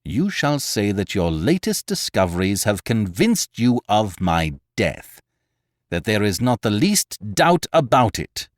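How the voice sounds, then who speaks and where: A man's voice: deep voice, very animated, measured pace, no room sound, studio quality, heavily acted. A man voicing a proud, wrathful master thief who mutters threats through his teeth in an audiobook reading. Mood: menacing. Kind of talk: audiobook character voice.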